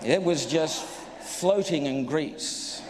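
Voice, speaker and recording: This lively, comic sermon testimony comes from a new preacher from New Zealand whose voice is on the high side and whose delivery is very slow. He plays out voices and cracks jokes with the crowd, though heavy background noise and echoey hall reverb colour the recording.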